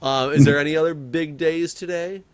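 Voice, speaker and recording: A young adult man co-hosting a casual podcast chat, animated and self-correcting, laughing often as he talks. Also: fairly high pitch, normal speed, clear, resonant tone. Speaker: podcast co-host.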